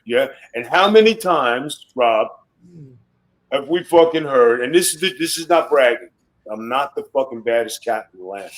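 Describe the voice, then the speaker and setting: A man's voice: medium pitch, expressive, moderate pace, rough recording. Blunt, profane man telling tough stories. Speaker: podcast guest, former wrestler. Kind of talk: casual storytelling interview.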